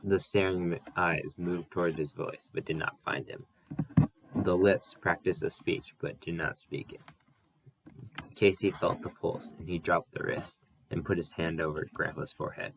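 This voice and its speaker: A man reading a novel aloud as an audiobook, careful and unhurried, with small slips he corrects. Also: deep voice, steady tone, creaky, noisy background. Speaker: audiobook reader. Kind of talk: audiobook narration.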